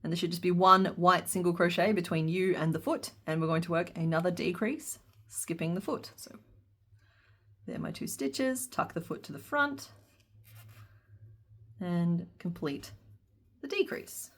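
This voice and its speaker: A woman walks through a crochet pattern, counting each stitch aloud. Her voice sits a little low for a woman, and she talks in a patient, playful way with frequent giggles. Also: measured pace, long pauses, a bit bright. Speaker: crochet instructor. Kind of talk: step-by-step craft tutorial.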